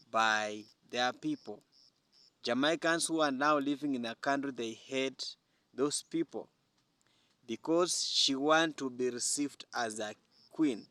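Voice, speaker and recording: A man hosting a reaction video speaks very slowly and deliberately. His voice is mid-pitched, and the recording is dry and close. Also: a bit bright, no echo. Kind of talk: reaction commentary.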